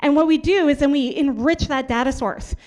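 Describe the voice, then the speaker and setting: A woman's voice: high voice, brisk, darkish tone. A woman presenting her team's hackathon project in a chatty, playful, self-mocking way. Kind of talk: casual demo presentation.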